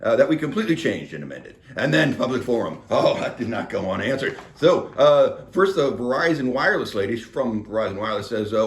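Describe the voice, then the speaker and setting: A man's voice: mid-range voice, lively intonation, brisk, hardly any pauses. A man casually recapping a meeting, full of fillers and acting out what people said. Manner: chatty, filler-heavy, acts out quotes. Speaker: local government meeting recapper. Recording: roomy echo.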